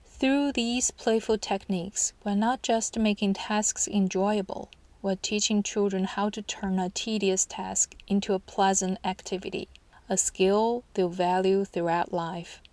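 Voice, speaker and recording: A woman narrates a parenting book summary with calm, steady instruction. Her voice is mid-pitched and sits close and dry on the mic, with no room around it. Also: measured pace, dry recording.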